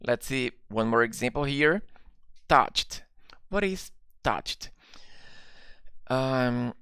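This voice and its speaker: A male English teacher, speaking slowly and patiently with a gravelly edge to his voice. His tone is bright and crisp, and he is recorded close and dry. He walks through each point and keeps checking that his students follow. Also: medium pitch, dry recording. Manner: patient, explains step by step, often checks in with the class. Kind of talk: live online English lesson.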